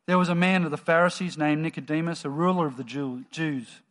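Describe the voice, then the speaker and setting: A man with a slightly higher-than-usual voice preaches a sermon in a church. He talks in a relaxed, conversational way and tells the story with lively energy. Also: a little fast.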